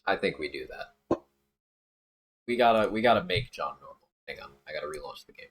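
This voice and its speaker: His voice is low and husky with lively intonation, and he talks fairly quickly. He's a game streamer riffing jokily and reading chat messages aloud as he chats casually, though the audio is poor.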